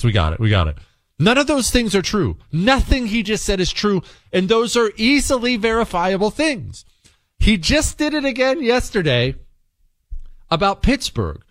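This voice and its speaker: A man's voice: high voice, a bit bright, no room sound. A man hosting a radio talk show, delivering an opinionated monologue in an incredulous, emphatic, rambling way.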